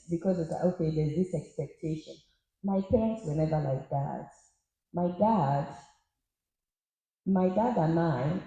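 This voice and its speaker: A woman's voice: deep voice, mellow. Earnest woman speaking in an echoey hall. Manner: earnest and reflective. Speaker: panel guest. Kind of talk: personal testimony on a panel. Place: conference hall at a media summit.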